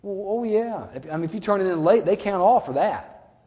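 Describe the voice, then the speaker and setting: A man voicing an excited seven-year-old boy answering questions in a matter-of-fact, slightly impatient way. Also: high voice, brisk, voice pushed up. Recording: echoey hall.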